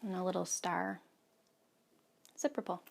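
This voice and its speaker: A woman in her thirties from the United States hosts a casual knitting podcast from home, her lowish voice a little slow with vocal fry. She's chatty, full of ums and soft asides.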